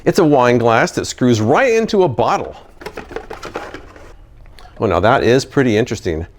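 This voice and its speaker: A man's voice: medium pitch, sing-song, normal speed, a little hiss or hum. A man hosting a comedy interview skit, often stammering and sounding incredulous. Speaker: host.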